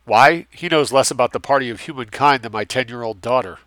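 A man voicing a curt, gruff military colonel who defends his own work. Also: medium pitch, fairly quick, fairly bright tone, no room sound, lightly acted. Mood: defensive.

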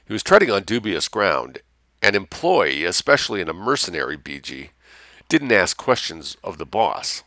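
A man reading an audiobook as narrator in an even, measured way. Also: low-pitched, no echo, studio quality. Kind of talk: scripted narration.

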